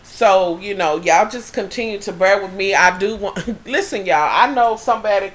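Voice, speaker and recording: A woman talks casually into her camera, rambling from one thing to the next. She keeps calling her viewers y'all and often stops partway through a sentence before starting over. Her voice sits at an ordinary, middle pitch. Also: moderate pace. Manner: chatty, addresses viewers as y'all, trails off and restarts. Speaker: vlogger.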